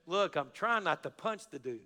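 A male pastor preaching a sermon with passion, moving from shouts to quiet, confiding prayers. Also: fairly high pitch, lively intonation, moderate pace. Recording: echoey church hall.

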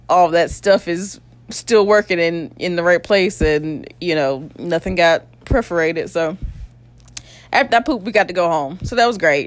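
A woman's voice: lowish voice, no echo. A young adult woman casually telling her birth story, candid and blunt, with crude humor and frequent laughs.

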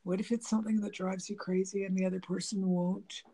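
A woman with a gravelly, low-key mellow voice talks in a loose, rambling way, full of fillers and restarts. She laughs often and acts out little snippets of dialogue as she goes. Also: fairly quick. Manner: animated, laughing, mimics dialogue. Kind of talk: casual conversation about relationships.

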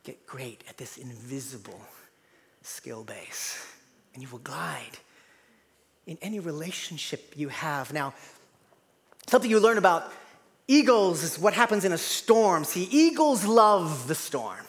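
A man preaching a sermon in a church, dynamic, swinging from loud to hushed. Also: a little high, sing-song, measured pace, pauses often, in a large hall. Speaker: pastor. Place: large church hall.

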